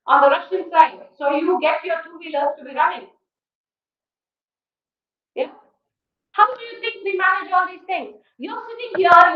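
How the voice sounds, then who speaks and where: Indian english woman guest lecturer, high voice, keeps quizzing the class, sounds far off and muffled. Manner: rhetorical questions to the class; emphatic, animated. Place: lecture hall. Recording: echoey hall, distant dull mic.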